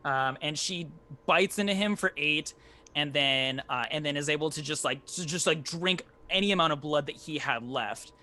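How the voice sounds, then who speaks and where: A man's voice: a little high, normal speed, pushed and bright. A man running a tabletop game as game master, narrating combat loosely with fillers and swearing.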